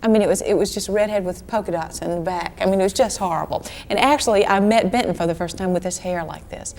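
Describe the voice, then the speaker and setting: A woman in her thirties chats as a guest in an old TV interview. She talks animatedly, tumbling over her words and restarting sentences. Her voice sits at a middling pitch. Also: fast talker. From Georgia, US. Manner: animated, chatty, many restarts and laughs. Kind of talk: casual interview chat. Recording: archive 1980s TV interview.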